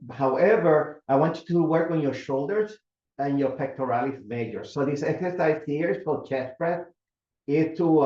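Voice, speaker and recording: A man in his seventies leading an at-home mat exercise class, counting reps and giving calm breathing cues. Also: fairly high pitch. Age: 70s. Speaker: fitness instructor. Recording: roomy, dull home recording.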